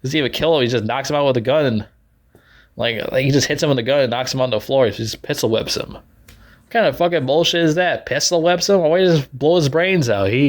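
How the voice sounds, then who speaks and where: A man giving an angry, profane movie review rant, sarcastic, swearing constantly and repeating himself. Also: on the high side.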